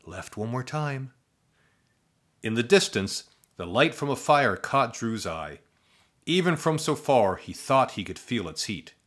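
A man narrating a comic spooky story in a dry, deadpan manner with playful asides. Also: mid-range voice, a little slow.

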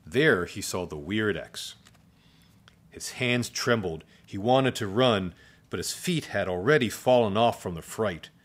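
Lively, expressive male storyteller. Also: on the low side, unhurried. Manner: expressive, playful. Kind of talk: storybook read-aloud.

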